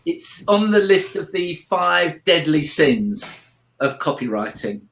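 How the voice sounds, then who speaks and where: A co-host with a South London accent talks through a book in casual chat. They hesitate and restart often while explaining. The voice sits mid-range, and the room adds a clear echo. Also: medium pitch, big pitch swings, takes it slowly, fairly bright tone. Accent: British, South London. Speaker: podcast co-host. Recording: echoey room.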